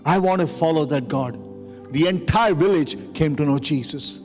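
A man's voice: a little high, normal speed, a little mellow. A man pastor telling a story in a sermon, emotional and building to urgent preaching. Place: church sanctuary. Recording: long church hall reverb, music underneath.

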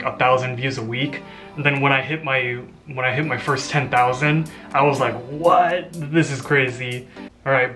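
A man's voice: medium pitch, sharp tone. A young man casually reacting to his own old video, amused, rambling and often laughing. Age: young adult.

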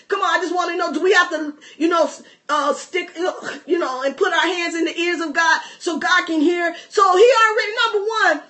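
Fervent high-voiced woman preacher. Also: fairly quick. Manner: fervent, shouting, calls to the congregation. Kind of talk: sermon.

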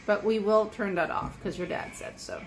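A woman's voice: medium pitch, moderate pace, faint music behind. A woman filming a casual family home video, teasing and coaxing her child in a playful, chatty way.

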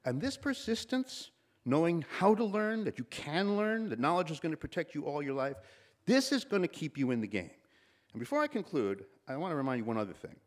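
A man in his sixties delivers a commencement address in a slightly nasal, a little high voice, sing-song and fairly quick. He tells stories and acts out the voices of the people he quotes.

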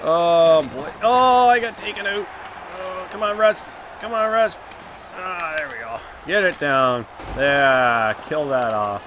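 A man's voice: a little high, animated, slow, background noise. A man giving live commentary on his own video game, groaning and exclaiming as the plays go for and against him. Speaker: gaming YouTuber.

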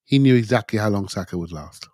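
Blunt bloke with a lowish voice. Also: male voice, animated, fast, darkish tone, dry recording, clean studio sound. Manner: blunt and emphatic, says mate. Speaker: podcast pundit. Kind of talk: casual football chat.

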